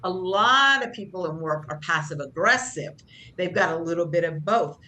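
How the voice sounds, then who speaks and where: A woman's voice: lowish voice, animated, normal speed, sharp tone, a little hiss or hum. A middle-aged woman instructor giving a conversational classroom lecture, speaking about herself plainly and acting out short example lines. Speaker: job training instructor.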